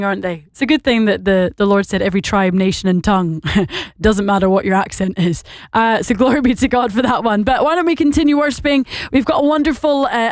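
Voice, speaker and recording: Scottish woman with a Northern Irish lilt, bright higher voice, chatty radio presenter, dry studio sound. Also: no room sound. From Scotland. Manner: bubbly, chatty, laughs easily. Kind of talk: chatty radio link between songs.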